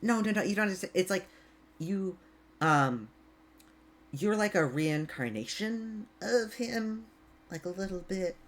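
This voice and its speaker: A woman's voice: medium pitch, animated, unhurried, long pauses. A woman voicing a flustered young woman adventurer who stammers and restarts, in a tabletop game.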